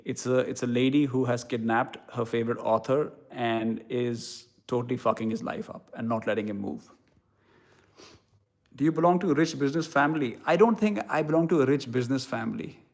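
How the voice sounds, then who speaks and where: A young man with an Indian English accent, casually chatting with viewers and answering their questions in a blunt, irreverent way that includes casual swearing. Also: mid-range voice. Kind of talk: casual live-stream chat.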